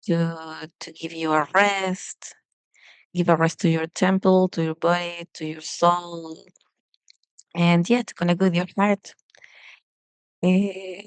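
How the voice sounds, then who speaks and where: Gentle and soft, this female yoga teacher leads guided breathing during a relaxed talk on self-love, often using fillers and starting over. She has a lowish, clear, resonant voice, recorded without echo but with poor audio quality.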